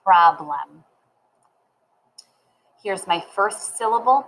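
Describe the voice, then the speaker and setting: A woman teaching a reading lesson at a slow, deliberate pace. Her voice sits a little low, and she breaks each word into syllables and spells it out letter by letter. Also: expressive, a bit bright, poor audio. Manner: slow, careful, sounds words out syllable by syllable.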